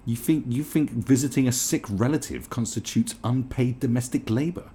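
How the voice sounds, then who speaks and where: A man's voice: medium pitch, normal speed, hardly any pauses, dark tone, a little hiss or hum. A British man ranting in disbelief as he reads and reacts to an article, swearing often. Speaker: commentary host. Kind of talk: reaction commentary.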